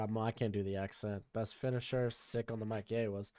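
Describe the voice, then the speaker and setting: A man's voice: mid-range voice, steady tone, moderate pace, clear, resonant tone. A man streaming casually, reading viewer questions and commenting on draft picks. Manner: chatty, reads chat questions aloud.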